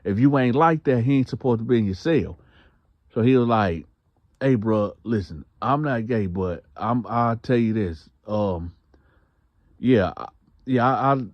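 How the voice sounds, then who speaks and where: A man's voice: mid-range voice, animated, a little slow, no room sound, lo-fi sound. A man casually telling a prison story in heavy slang, acting out each person's lines himself.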